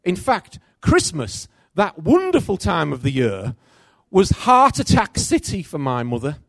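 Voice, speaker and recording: A middle-aged man preaching a sermon, telling a personal story with animated swings between loud and soft. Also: fairly high pitch, unhurried, vocal fry, dry recording, studio quality.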